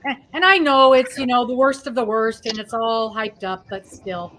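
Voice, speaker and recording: A woman co-hosting a casual livestream chat, relaxed, reading out chat messages with wry asides. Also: fairly high pitch, normal speed, a little hiss or hum, rough recording. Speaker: co-host.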